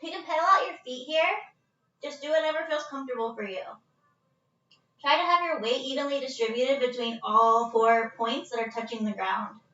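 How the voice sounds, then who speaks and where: A woman with a high voice leads a live-streamed yoga class from her living room, speaking at normal speed in a pushed, bright tone. Her phone sits at a distance, so the sound is roomy with the highs cut off. She's casual and chatty, a little out of breath, and breaks into laughs.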